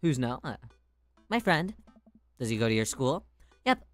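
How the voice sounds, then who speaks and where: A woman voicing an awkward, well-meaning middle-aged father who talks gently and earnestly to his teen daughter in a video game. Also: a bass voice, big pitch swings, a little slow, no echo, faint music behind, voice pushed down, heavily acted. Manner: gentle, fumbling, dad-joke earnest.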